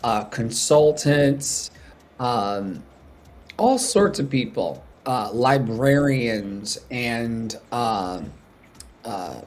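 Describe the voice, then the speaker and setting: A man hosts a casual live stream in a rambling, filler-heavy way, his voice at an everyday middle pitch. He meanders from point to point as he talks. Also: animated, very slow. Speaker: host.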